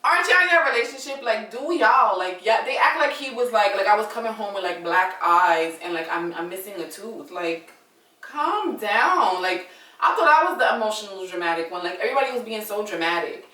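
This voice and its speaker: A woman's voice: mid-range voice, lively intonation, fairly quick, pushed and bright, roomy sound, distant mic, rough recording. A young adult woman telling a story in a casual, dramatic way and talking straight to her viewers. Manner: chatty, dramatic, addresses viewers as y'all.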